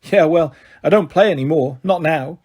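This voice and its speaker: A man voicing a casual, evasive father who left his family, breezy and offhand, with a husky voice. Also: on the high side, moderate pace, a little mellow, lo-fi sound. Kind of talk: audiobook character voice.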